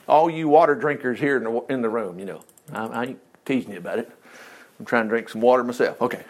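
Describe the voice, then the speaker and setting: A man preaching a folksy, animated sermon, reading scripture, acting out the quoted lines and laughing often. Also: mid-range voice, quick pace.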